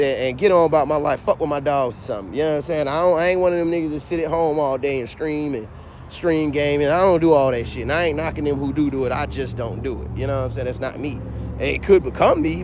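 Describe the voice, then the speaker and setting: An animated man rants through a casual storytime, his voice sitting a bit higher than most men's. He swears freely and leans on "you know what I'm saying" between beats. Faint street traffic hums behind him. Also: fast. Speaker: vlogger telling a story.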